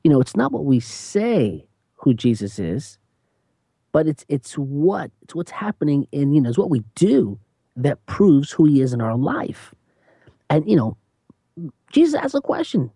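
An animated preacher who talks emphatically in conversation, laughing between points and slowing down to stress key phrases. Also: mid-range voice, gravelly, slightly rough, no echo, studio quality. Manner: lively, emphatic, repeats "you know what I'm saying".

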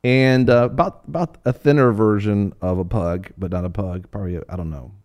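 A middle-aged man co-hosting a casual chat, telling an animated story with laughter and little voices for the people in it. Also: on the low side, a little fast. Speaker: co-host.

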